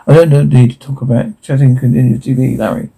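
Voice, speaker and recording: A man's voice: medium pitch, level tone, quick pace, gravelly, warm tone, breathy edge, poor audio. A man reading a drama script aloud, stage directions included, and speaking every part himself in a mostly plain voice.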